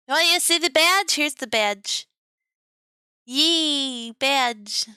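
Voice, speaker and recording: A woman's voice: sits high, lively intonation, slow, bright, forceful tone, no room sound, clean studio sound. A young woman streaming as a VTuber, chatting to her viewers in a silly, teasing, sing-song way and giggling often. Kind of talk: playful live stream chat.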